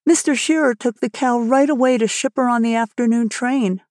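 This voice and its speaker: A woman's voice: on the high side, brisk, darkish tone, dry recording, pitched above the performer's own voice, close to an everyday voice. An impulsive teenage girl pours out an earnest, breathless confession in a slightly raised voice, as a woman reads her part. The storybook reading sounds close and dry.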